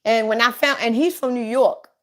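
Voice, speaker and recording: A woman's voice: on the high side, normal speed. A middle-aged woman chatting casually on a livestream, telling blunt, profane stories straight to her viewers.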